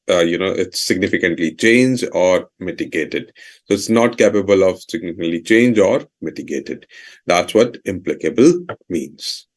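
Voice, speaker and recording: A deep-voiced man with a somewhat dark tone teaches vocabulary, explaining what each word means and repeating definitions and example sentences, peppered with fillers like "you know."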